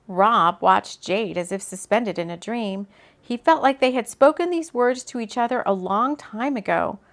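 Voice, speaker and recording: A woman, an author, reading her own book aloud in a relaxed way, breaking off for casual asides. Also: on the high side, creaky. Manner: chatty, laughs at her own slips and comments mid-reading.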